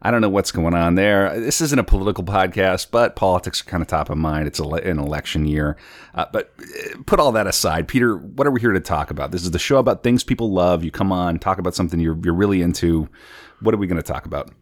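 A man's voice: low-pitched, quick pace, no room sound, clean studio sound. A man hosting a podcast, chatting casually and laughing easily, recorded in a home setting. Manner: laughs often, easygoing. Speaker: podcast host. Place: home in a city apartment.

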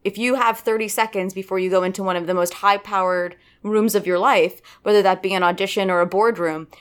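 Woman, voice coach, casual chat, animated, mid pitch. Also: fairly quick, smooth. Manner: animated, keeps checking in with "right?". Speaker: voice and dialect coach.

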